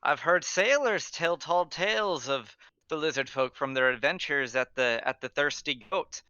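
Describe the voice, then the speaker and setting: A man's voice: a little high, moderate pace, pushed and bright, clear, resonant tone, dry recording, muffled recording. A man voicing a drunk, jovial elderly male guard captain who hiccups and stumbles over his words in a tabletop game. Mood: hearty.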